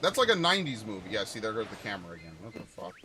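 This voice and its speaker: A man's voice: on the low side, big pitch swings, racing, sharp tone, a little hiss or hum. A young man rambling casually over gameplay, chatty and swearing offhand. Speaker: gaming channel host.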